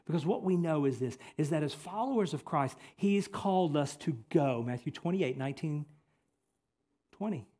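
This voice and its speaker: A male pastor preaching a sermon, swinging between loud emphatic lines and quiet, intimate appeals. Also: mid-range voice, slightly rough. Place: church sanctuary.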